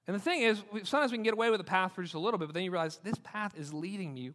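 A bright, high-pitched male pastor delivers a sermon with animated, repeated emphasis. His voice rings through the long reverb of a large hall. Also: very fast. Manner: animated, repeats points for emphasis, acts out quoted people.

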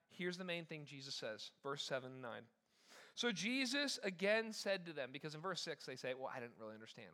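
Male pastor, middle-aged, high bright voice, lively sermon delivery with jokes. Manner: animated, conversational preaching with self-deprecating humor.

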